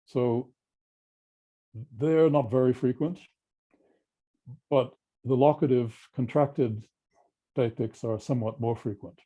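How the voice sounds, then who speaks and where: An older man with an Australian accent giving a measured, technical linguistics seminar lecture. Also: mid-range voice, steady tone, dark tone. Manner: measured, technical, explanatory with pauses.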